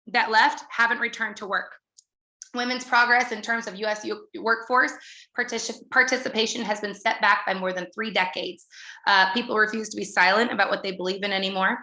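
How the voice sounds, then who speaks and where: Fast-talking woman giving a bright pep talk. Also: mid-range voice, echoey room. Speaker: business coach. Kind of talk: motivational talk to a team.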